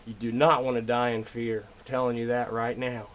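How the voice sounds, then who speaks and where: A man's voice: medium pitch, level tone, moderate pace, a little hiss or hum, low-quality recording. Rambling, insistent man talking to camera. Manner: rambling, insistent, often says "you know"; clears throat and chuckles often. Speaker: video lecturer. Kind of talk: casual monologue.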